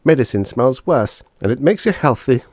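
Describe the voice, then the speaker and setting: A man's voice: medium pitch, lively intonation, normal speed, darkish tone, dry recording, clean studio sound, pitched above the performer's own voice, close to an everyday voice. A man voicing a bossy young boy who plays scientist and talks in a blunt, dismissive way.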